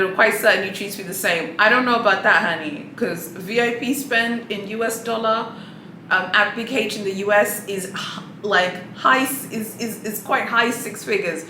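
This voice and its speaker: A woman's voice: mid-range voice, moderate pace, bright, forceful tone, roomy sound, slight background noise, low-quality recording. A woman vlogger giving sassy, chatty commentary and calling people "honey" and "boo-boo". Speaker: luxury handbag vlogger. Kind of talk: casual opinionated commentary.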